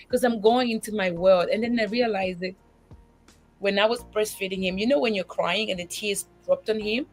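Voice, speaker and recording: A woman guest sharing her life as a single mother on a faith talk show, animated and tearful, often restarting her sentences. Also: medium pitch, fairly quick, soft background music.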